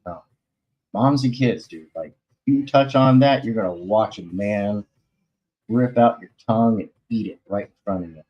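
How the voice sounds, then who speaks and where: Male host with a low voice, slow and rambling, slangy. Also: breathy edge, dull audio. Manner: rambling, loose and slangy, with many fillers. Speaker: host of a comics talk stream. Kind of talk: casual chat.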